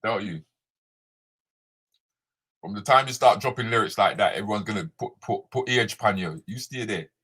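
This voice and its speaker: Guy hosting a live chat, mixed in, bright forward voice, ribbing everyone. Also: lowish voice, moderate pace, pauses often, husky. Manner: banters with viewers by name, slips into Jamaican patois. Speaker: comedian host moderating a live chat. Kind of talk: casual live-stream chat reading comments.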